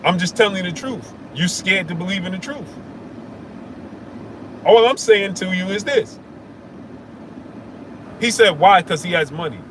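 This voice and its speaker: Answering his live chat on a laid-back sports stream, a man bickers with viewers, says things over and over, and addresses them as brother. He has a high, somewhat bright voice, keeps a measured pace, and pauses often, with slight background noise.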